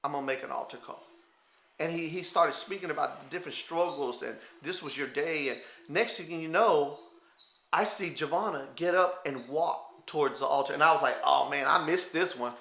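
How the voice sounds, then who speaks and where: A man with a Texan accent telling a lively story as a guest on a talk show, acting out what people said and laughing often. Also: fairly high pitch. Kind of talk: animated storytelling. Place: television studio. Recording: roomy studio echo.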